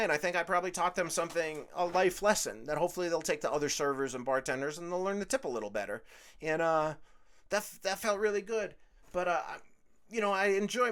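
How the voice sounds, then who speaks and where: A man's voice: a little high, a bit bright. A man hosting his own show, telling a long, rambling story in casual chat full of swearing. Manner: profane, chatty storytelling. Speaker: host. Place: indoors at home.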